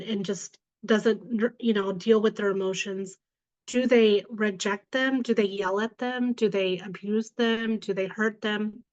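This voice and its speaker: A woman's voice: mid-range voice, muffled recording. Woman on a panel call, explains stuff step by step, lots of um and you know. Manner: explanatory, uses many fillers. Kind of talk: panel discussion.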